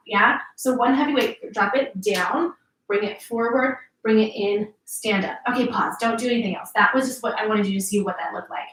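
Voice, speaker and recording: A woman's voice: a little high, a bit bright. A woman fitness instructor coaching a workout class, upbeat and encouraging as she cues each move, at times out of breath. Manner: upbeat, encouraging, cueing moves. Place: home workout space, indoors. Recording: roomy echo, mic at a distance.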